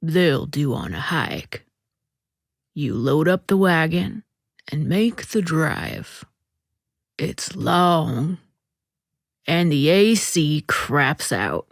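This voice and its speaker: Very slow, deliberate woman reading a story. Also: low voice, animated, dry recording, clean studio sound. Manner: slow, deliberate, dips into soft whispers. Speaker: podcast host reading a story. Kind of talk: reading a short story aloud.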